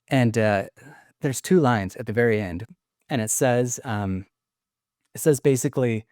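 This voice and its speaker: A man's voice: mid-range voice, normal speed, pauses often, a little mellow, no room sound, clean studio sound. A man giving an emotional testimony in casual conversation, rambling with many restarts and choking up at times. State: choked up with emotion.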